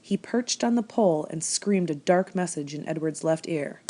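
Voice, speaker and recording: Lady reading a kids' book out loud, fairly low voice, calm and steady. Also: moderate pace. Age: adult. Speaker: reader. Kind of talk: storybook read-aloud.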